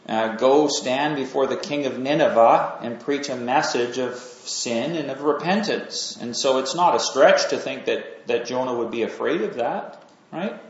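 A man preaching an informal Bible sermon in a conversational, halting way, with many fillers and restarts. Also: mid-range voice. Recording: echoey room, dull lo-fi sound.

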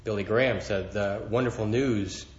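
A man's voice: on the low side, moderate pace, roomy sound, dull audio. A man preaching a sermon to a congregation, earnest and building emphasis as he quotes scripture. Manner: earnest, rising in emphasis when quoting scripture.

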